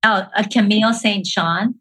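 A woman singer-songwriter, a guest on a podcast, talking casually and reacting warmly. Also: medium pitch, normal speed, breathy edge, poor audio. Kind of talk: casual interview chat.

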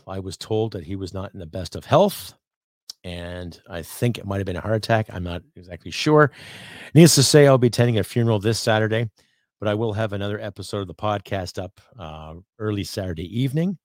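A Canadian podcast host rants angrily and emphatically about politics, full of profanity and rhetorical questions. His voice sits on the low side, recorded clean in a studio with no echo.

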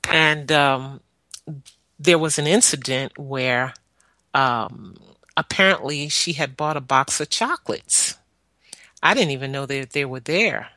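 A woman giving a personal testimony about her past, speaking earnestly and halting often with pauses as she recalls each moment. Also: rumbling low, bright, forceful tone, no echo. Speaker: guest sharing her life story.

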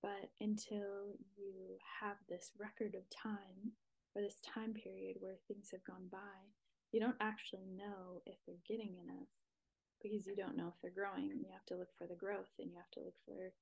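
Young woman, casual faith talk, earnest and halting, slight vocal fry. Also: medium pitch, level tone, darkish tone. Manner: earnest, halting, many fillers, drops to breathy near-whispers. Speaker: church podcast guest speaker.

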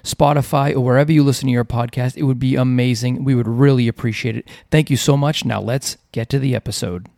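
A man's voice: mid-range voice, steady tone, gravelly, darkish tone, no echo. A man co-hosting a podcast in a studio, chatting casually and teasing his co-host with jokes. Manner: joking, teasing, quick talker. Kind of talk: casual chat.

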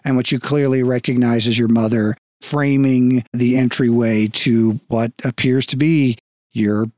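A man narrating as game master of a tabletop game, relaxed and descriptive. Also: mid-range voice, measured pace, no echo, clean studio sound. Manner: relaxed, descriptive, with small restarts.

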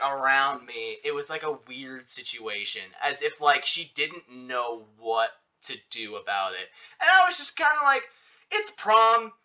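A young man telling a long personal story in casual chat, rambling with many fillers and restarts. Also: medium pitch. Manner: rambling, filler-heavy, animated retelling. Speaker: podcast host telling a story.

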